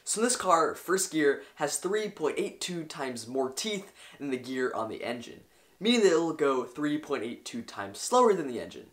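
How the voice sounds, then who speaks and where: Animated young man explaining science. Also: a little high, normal speed. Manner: eager, enthusiastic explaining. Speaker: science video host. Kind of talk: educational explainer.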